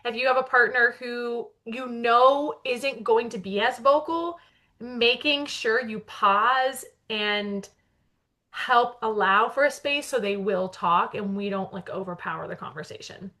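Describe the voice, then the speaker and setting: Chatty bright-voiced woman co-host. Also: on the high side, measured pace. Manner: chatty, self-described loud talker. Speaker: podcast co-host. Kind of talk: casual chat.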